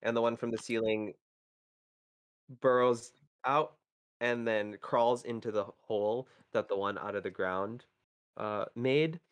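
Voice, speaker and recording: A man narrating a tabletop game as game master on a live stream, halting and searching for words as he describes the scene. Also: lowish voice, steady tone, smooth, no room sound.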